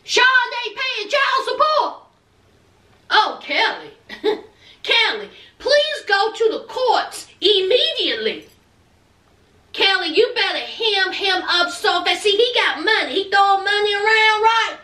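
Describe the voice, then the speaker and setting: Brief: sassy woman recapper, high bright voice, lively swings in pitch. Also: slow pace, roomy sound, far from the mic. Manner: sassy, dramatic, scolding with slang. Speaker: TV recap vlogger. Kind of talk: reality TV recap commentary.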